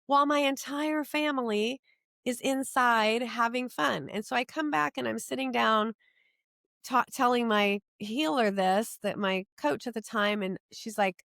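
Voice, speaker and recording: A middle-aged woman, a podcast guest, telling her personal story in an earnest, animated way. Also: on the high side, measured pace, vocal fry, dry recording, clean studio sound.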